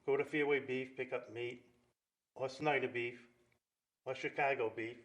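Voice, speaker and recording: A man, telling lively neighborhood stories in a casual chat. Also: mid-range voice, unhurried. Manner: lively storyteller, acts out quoted dialogue. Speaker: guest storyteller.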